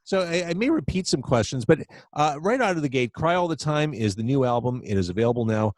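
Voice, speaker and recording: A man's voice: medium pitch, expressive, quick pace, darkish tone, dry recording. A man hosting a podcast over a video call from home, chatty and self-deprecating, rambling with fillers as he talks. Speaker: podcast host. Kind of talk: casual interview chat.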